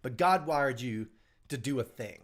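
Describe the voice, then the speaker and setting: A man's voice: mid-range voice, expressive, unhurried, a bit bright. A middle-aged man hosting a live show, giving an earnest motivational talk and repeating his key lines for emphasis. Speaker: show host. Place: small home studio.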